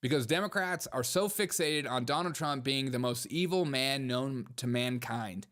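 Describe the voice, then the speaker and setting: A man talks casually on a livestream, reacting to comments and clips as the host. He is sarcastic and mocking, and animated as he goes. His voice sits at an everyday middle pitch. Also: moderate pace.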